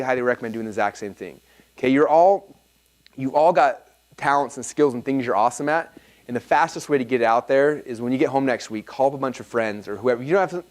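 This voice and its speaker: Man, seminar speaker, very quick delivery, animated and chatty, live audience room. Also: medium pitch. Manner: energetic, animated storyteller, often checks in with the audience. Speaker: workshop speaker. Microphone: filmed talk.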